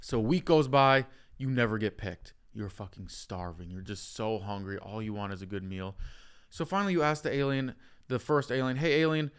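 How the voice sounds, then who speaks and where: A man hosting a podcast, telling an animated, joking story in casual conversation. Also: lowish voice, normal speed, smooth. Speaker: podcast host.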